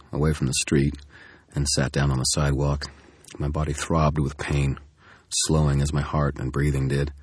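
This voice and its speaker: A man giving steady, grim first-person audiobook narration. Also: very deep voice, breathy edge, no room sound.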